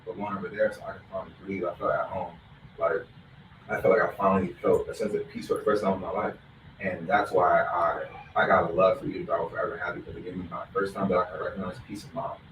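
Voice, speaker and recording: Deep-voiced man talking fast, echoey room. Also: flat delivery. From Philadelphia area. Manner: fast, loose street slang. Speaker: guest. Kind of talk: casual interview talk. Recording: roomy echo, distant mic, noisy background.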